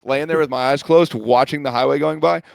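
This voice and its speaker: A man's voice: on the high side, fairly even intonation, fairly quick, creaky, clear, resonant tone, dry recording, studio quality. A young man co-hosting a comedy podcast, telling stories in casual banter and laughing a lot.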